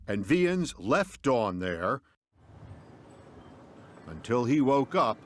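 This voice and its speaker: A man narrating a true-crime report as a TV news correspondent, with a measured, deliberate delivery. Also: mid-range voice, big pitch swings, slight background noise.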